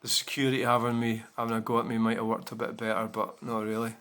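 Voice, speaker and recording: A man's voice: mid-range voice, monotone, fast, a bit bright, slight background noise. A man chatting casually to his viewers, rambling with many fillers and restarts. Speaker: channel host. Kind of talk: casual chat to camera.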